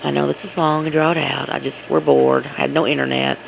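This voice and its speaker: A woman's voice: low voice, level tone, a little fast, gravelly, a little hiss or hum, rough recording. A woman filming at home, chatting and coaxing her pets in a singsong voice. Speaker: pet owner filming at home. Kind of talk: casual home video, talking to pets. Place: home, indoors.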